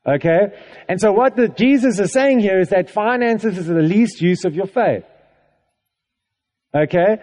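A man's voice: high-pitched, expressive, unhurried, long pauses, darkish tone. A man preaching a sermon to a congregation in a casual, conversational way, checking in with them often and laughing along. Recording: echoey hall reverb.

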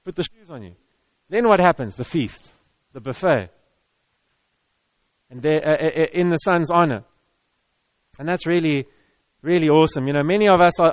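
In a church hall, a man with a fairly high-pitched voice preaches to an audience. His delivery is conversational and repetitive with stammered restarts, and no room sound comes through.

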